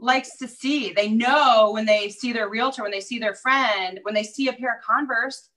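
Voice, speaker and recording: A woman real estate agent chatting as an interview guest, telling stories in a lively way over a video call. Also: fairly high pitch, normal speed, poor audio. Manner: chatty, storytelling. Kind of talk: casual interview chat.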